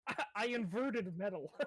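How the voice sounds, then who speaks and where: Man, tabletop player, excitable, laughs often, animated pitch, dry close sound. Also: slow pace, no room sound. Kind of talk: casual tabletop play.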